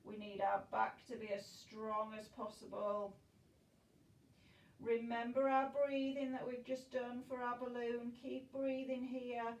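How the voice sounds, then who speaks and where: A woman's voice: fairly high pitch, little pitch movement, takes it slowly, echoey room, recorded from a distance, rough recording. A woman guiding a children's yoga class in an encouraging, playful way. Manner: encouraging, playful, makes animal noises.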